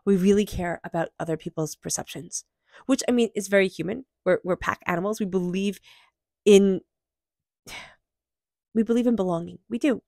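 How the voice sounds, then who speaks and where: Woman, tarot reader, low voice, earnest, soothing affirmations. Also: gravelly, mellow, dry recording, clean studio sound. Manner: earnest, emphatic, soothing delivery with repeated affirmations. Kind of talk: intuitive tarot reading.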